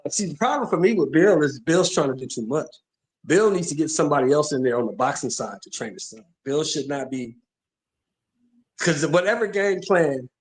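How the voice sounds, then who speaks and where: A male co-host with a somewhat high voice talks boxing on a casual show. He speaks emphatically, repeating his points for weight. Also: low-quality recording. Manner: agreeable, emphatic.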